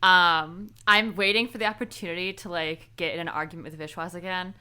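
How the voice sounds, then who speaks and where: A young woman co-hosts a casual podcast, rambling easily with plenty of "like" and "um." Her voice sits a little low but sounds bright and crisp. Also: fairly even intonation, fairly quick. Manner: laid-back, rambling with many fillers. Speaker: podcast co-host. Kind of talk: casual fan chat.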